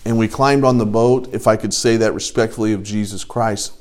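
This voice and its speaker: A man teaching an adult Bible study, lively and animated, often acting out quoted voices. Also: a little fast. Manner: animated, acts out quoted voices with rising pitch.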